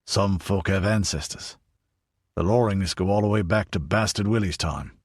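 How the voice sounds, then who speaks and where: A man's voice: low-pitched, normal speed, slightly rough, dry recording. A man voicing an older veteran soldier, dry and derisive.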